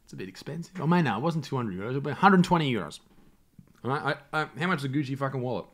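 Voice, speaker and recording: An Australian man with a mid-pitched voice hosts a solo comedy podcast from home. He rambles through stories, swears freely, and laughs at his own jokes. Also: animated, rapid-fire, a bit bright. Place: home setup in self-isolation.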